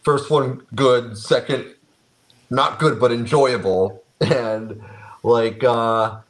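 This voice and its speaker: A man co-hosting a casual podcast, laying out news in a measured, informative way. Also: medium pitch, fairly even intonation. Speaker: podcast co-host. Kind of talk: casual chat.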